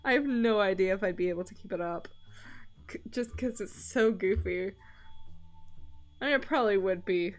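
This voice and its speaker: A woman's voice: medium pitch, normal speed, long pauses, faint music behind. A woman streamer with a mixed Canadian and American accent chatting casually, breaking into giggles often between phrases. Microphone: desk microphone.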